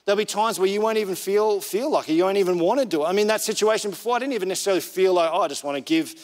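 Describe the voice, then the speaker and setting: A man's voice: high-pitched, rapid-fire, in a large hall. A man preaching a sermon as pastor, in a casual, conversational way that often repeats phrases.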